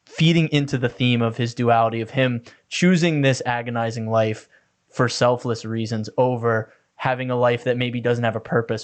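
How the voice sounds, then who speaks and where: Man, podcast co-host, casual chat, enthusiastic, mid-pitched voice. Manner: enthusiastic, gushing, fillers like "like". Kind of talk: casual anime discussion.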